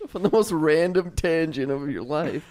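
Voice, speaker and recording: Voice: mid-range voice, animated, moderate pace, darkish tone. A podcast co-host making dry wisecracks during casual banter.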